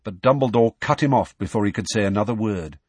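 Husky male audiobook narrator. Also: on the low side, fairly quick, no room sound. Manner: steady, expressive reading.

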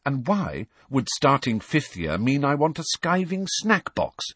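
A man's voice: medium pitch, sing-song, a little slow, a bit bright, slightly rough, no echo, pitched above the performer's own voice, full character voice. A man voicing Hermione, a clever, bossy teenage schoolgirl who talks in a precise, lecturing way. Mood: stern.

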